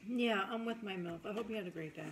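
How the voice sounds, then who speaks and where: A woman chatting casually with her husband at home, frank and quick to laugh. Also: mid-range voice. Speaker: vlog co-host, wife. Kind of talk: casual chat. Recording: clear background noise.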